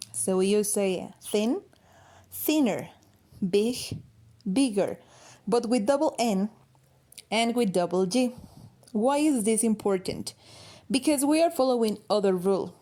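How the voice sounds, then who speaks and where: A woman's voice: on the high side, warm tone. Patient woman teaching English grammar. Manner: patient, spells words out letter by letter, checks in with "okay?". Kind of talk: grammar lesson explaining slides.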